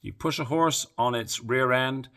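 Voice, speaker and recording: A man's voice: mid-range voice, unhurried, a bit bright. A man giving opinionated, sarcastic boxing commentary in a casual solo monologue, with frequent ums and restarts. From Canada.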